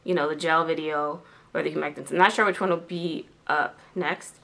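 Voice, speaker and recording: A chatty woman talking to camera in a loose vlog style, leaning on fillers as she goes. Her voice sits on the lower side but has a bright, forward edge. She sounds like she is talking straight to her viewers. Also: steady tone, moderate pace, vocal fry. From New York. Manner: chatty, lots of "like" and "um". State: tearful with joy. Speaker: beauty vlogger. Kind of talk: casual chat to camera.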